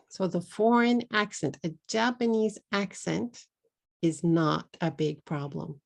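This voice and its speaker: A middle-aged woman from Texas with a Texan accent, teaching an English pronunciation lesson slowly and deliberately, repeating words for learners. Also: lowish voice, vocal fry, a little mellow.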